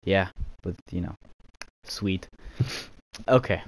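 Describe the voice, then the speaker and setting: Giggly self-mocking young gaming host. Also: male voice, low voice, slow. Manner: giggly, self-mocking, says "you know" often. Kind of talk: casual gaming chat with impressions.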